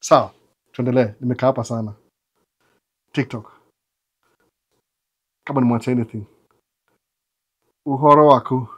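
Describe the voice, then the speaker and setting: A man's voice: medium pitch, fairly even intonation, normal speed, pauses often, breathy edge. A man with a Kenyan accent hosting a casual livestream, chatting with viewers in a loose, talkative way full of restarts. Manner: code-switching, chatty, stammering restarts. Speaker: livestream host answering viewers.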